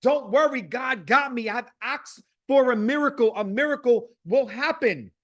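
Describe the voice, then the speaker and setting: A man's voice: very high voice, normal speed, a bit bright. A man putting on a stubborn devout man stranded in a flood. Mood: insistent. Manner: pleading, insistent.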